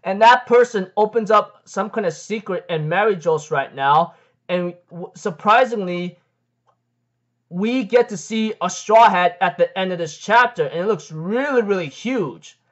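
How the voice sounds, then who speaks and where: A man's voice: high-pitched, unhurried, highs cut off. A man giving a casual, rambling recap of a manga chapter, full of "like, um" fillers and casual swearing. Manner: rambling, heavy on "like, um" fillers and "freaking".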